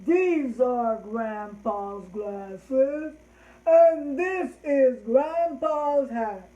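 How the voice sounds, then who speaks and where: A woman voicing an old grandpa, loud, slow and deliberate, for a children's rhyme. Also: high voice, dull audio. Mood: booming. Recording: roomy echo.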